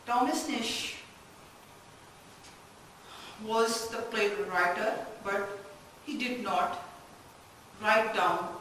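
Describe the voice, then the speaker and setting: A woman lecturing on literature, explaining slowly in short halting phrases and putting questions to her class. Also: medium pitch, a bit bright. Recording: very echoey room, distant mic, faint noise.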